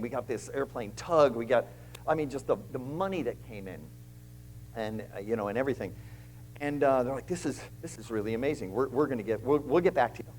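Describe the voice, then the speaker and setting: A man's voice: medium pitch, darkish tone, a little hiss or hum, low-quality recording. A man, a guest speaker at a church, telling his story with animation and acting out the other people's lines. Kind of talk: storytelling testimony.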